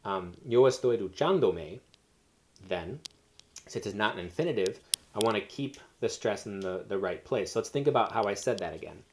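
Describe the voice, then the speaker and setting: Male teacher, lowish voice, walks learners through grammar step by step, casual and unscripted. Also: lively intonation, brisk, background noise. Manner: explains step by step with fillers and self-corrections. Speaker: Spanish teacher. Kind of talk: recorded classroom lesson.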